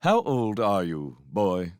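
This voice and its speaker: A man voicing a smug, sneering young male magician who talks in a mocking, sharp-edged way. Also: sits low, very animated, slow pace, no echo, studio quality, heavily acted. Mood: offhand.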